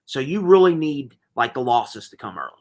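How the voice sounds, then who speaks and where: Animated man talking football picks. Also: mid-range voice, moderate pace. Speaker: podcast co-host. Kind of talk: casual sports betting chat.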